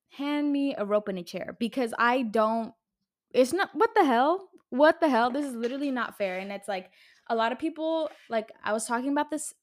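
A woman in her twenties, a podcast host, ranting heatedly in casual talk, swearing and using a lot of fillers. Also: on the high side. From California. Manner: heated, profane, uses lots of fillers. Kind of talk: casual solo podcast rant.

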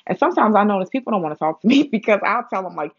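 A woman speaking in a casual spiritual vlog, rambling with many fillers and restarts, and getting animated as she retells a story. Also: medium pitch, rapid-fire, slightly rough, dry recording, dull audio.

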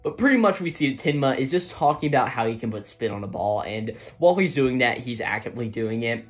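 A man's voice: medium pitch, animated, quick pace, soft background music. Rambling, casual man recapping a comic. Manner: rambling, filler-heavy, keeps asking "right?". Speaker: manga recap host. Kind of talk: casual chat.

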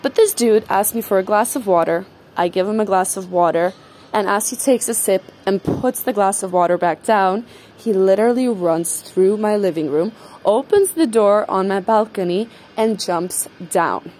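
A woman's voice: mid-range voice, normal speed, darkish tone. A woman telling a story in a casual, chatty way, swearing freely and filling her speech with "like" and "um". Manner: frequent fillers like "like" and "um". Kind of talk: casual spoken anecdote.

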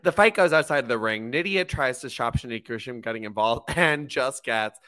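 A man's voice: brisk, sharp tone. A young man co-hosting a podcast, chatting casually about wrestling and laughing often. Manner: giggly, laughs often, quotes people in a high voice. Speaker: podcast co-host. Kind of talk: casual chat recapping wrestling.

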